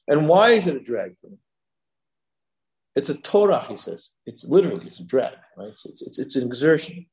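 Animated rabbi, echoey room. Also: male voice, brisk. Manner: animated, voices God's words in sharp higher bursts. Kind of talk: Torah lecture.

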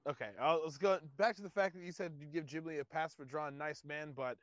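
A man's voice: on the high side, fairly even intonation, fast, dry recording. A man co-hosting a casual comic book podcast, blunt and jokey, dropping swears. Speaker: podcast co-host.

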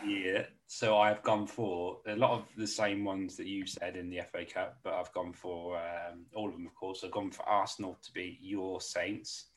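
A man's voice: deep voice, little pitch movement, normal speed, hardly any pauses, slight background noise. A man co-hosting a podcast, chatting casually and jokily about weekend football bets. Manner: laid-back, jokey, calls listener mate. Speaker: podcast co-host. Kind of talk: casual betting tips chat.

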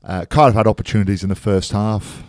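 Deep-voiced man giving dry rugby analysis. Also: fairly even intonation, no echo. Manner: measured, matter-of-fact analysis with dry teasing. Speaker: podcast co-host, rugby pundit. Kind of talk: casual sports podcast chat.

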